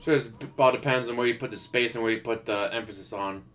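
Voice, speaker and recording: Bright, joking man. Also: medium pitch, steady tone, quick pace, soft background music. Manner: sarcastic, joking, laughs at his own jokes. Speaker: streamer commentator. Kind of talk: casual livestream commentary. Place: home setup. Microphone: desktop USB microphone.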